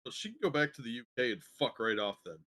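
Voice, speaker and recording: A man's voice: mid-range voice, very animated, fast talker, a bit bright. A man co-hosting a casual livestream chat, blunt and dismissive.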